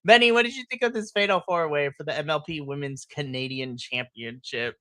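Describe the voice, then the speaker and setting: An excitable man co-hosting a wrestling podcast, full of swearing and loud acted-out reactions. His voice is bright and sits close and dry on the mic. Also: a little high, brisk, dry recording. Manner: excitable, swears, animated retellings with shrieks and laughs. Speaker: podcast co-host. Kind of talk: casual wrestling recap chat.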